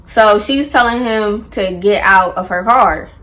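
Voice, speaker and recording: Animated young woman telling a storytime. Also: medium pitch, measured pace. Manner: animated, slangy, acts out quotes. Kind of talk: casual storytime.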